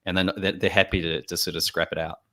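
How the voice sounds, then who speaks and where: A man's voice: sits low, level tone, quick pace, sharp tone. A man co-hosting a football podcast, chatting casually and teasing his friends. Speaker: podcast co-host.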